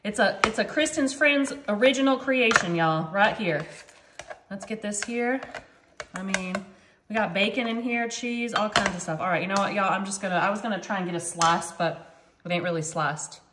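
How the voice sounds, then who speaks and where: A woman's voice: mid-range voice, moderate pace, roomy sound, background noise. A woman, hosting a casual cooking vlog and chatting to viewers as y'all from her home kitchen. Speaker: cooking channel host.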